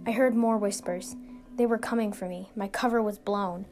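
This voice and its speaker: A woman's voice: medium pitch, fairly even intonation, normal speed, darkish tone. A woman hosting a show, narrating a scripted suspense story in an earnest, suspenseful way. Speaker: storyteller and podcast host. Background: music.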